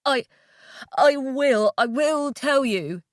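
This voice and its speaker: A woman voicing an obsessive young man who pleads through tears, his voice breaking and soft. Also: high voice, animated, takes it slowly, no echo, clean studio sound, voice pushed up. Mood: pleading.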